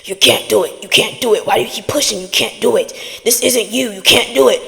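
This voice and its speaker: A woman's voice: on the high side, fairly quick, vocal fry. Give me a discouraging whispered inner voice of doubt, put on by a woman, with a long echo. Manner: hushed, discouraging.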